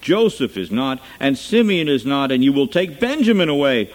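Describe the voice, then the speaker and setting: A man voicing an old father weighed down by loss, speaking slowly and solemnly. The pitch is middling, with no theatrical change from the reader's own voice. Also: very animated, natural voice. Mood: sorrowful. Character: grieving old father, bereaved and fearful.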